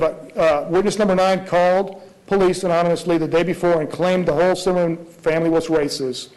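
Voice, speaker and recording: Man, prosecutor, high voice, courtroom argument, pressing rhetorical questions. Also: darkish tone, rough recording. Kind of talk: courtroom argument before a judge.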